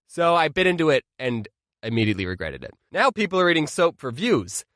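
A young man tells comedic storytime tales with sarcastic, deadpan asides. His intonation swings widely. The sound is close and dry, with no room echo. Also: on the high side, fairly quick. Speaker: vlogger.

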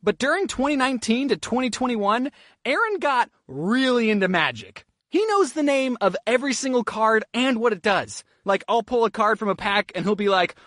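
A young man narrating a scripted comedic storytime with deadpan jokey asides. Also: very high-pitched, normal speed, dry recording, studio quality. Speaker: storytelling YouTuber.

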